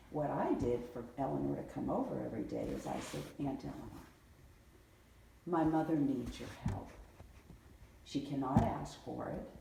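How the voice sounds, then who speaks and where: A woman's voice: low voice, gravelly, a little hiss or hum. A middle-aged woman in a casual family conversation, telling stories and acting out what her relatives said. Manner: animated storyteller who acts out family quotes. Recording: echoey room, mic far off.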